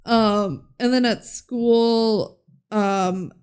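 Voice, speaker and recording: Woman, podcast co-host, higher voice, animated, casual movie recap, laughs a lot. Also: extremely slow. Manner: animated retelling, laughs often, acts out quotes.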